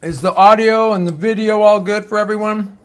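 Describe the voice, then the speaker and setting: A man's voice: sits high, fairly even intonation, fairly quick. A man hosting a live-stream show, reading viewer comments and questions in a loose, joking, profane way. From United States. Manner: loose, jokey and profane, with many fillers and trailing asides. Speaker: host of a political show.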